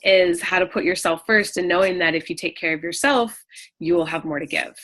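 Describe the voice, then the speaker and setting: A woman's voice: on the low side, fairly quick, a bit bright. A woman co-hosting a group coaching call, talking in an encouraging, reflective way. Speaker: co-host coach.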